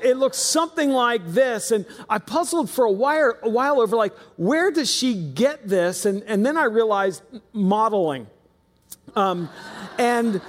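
A middle-aged man preaching a sermon as pastor, telling a family story with folksy, wry humor. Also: high-pitched. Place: church auditorium. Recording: long reverb of a large hall.

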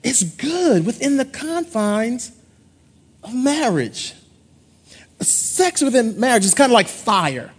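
A middle-aged male pastor, preaching a playful call-and-response sermon in a husky voice. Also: sits high.

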